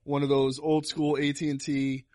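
A man's voice: on the high side, level tone, normal speed, a little mellow, dry recording. A man speaking into a dry, close mic on a casual podcast. He grumbles with sarcasm and drops the odd swear word in an offhand way. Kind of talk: casual chat.

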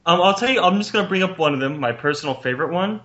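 Over muffled, lo-fi call audio, a podcast host chats with his friends in a high, expressive, slightly bright voice. His humor runs on playful teasing and pretend exasperation, and laughter comes to him easily.

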